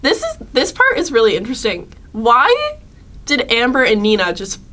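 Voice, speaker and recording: Young woman, podcast co-host, casual chat, giggly, lively pitch. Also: normal speed. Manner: chatty, giggly, animated.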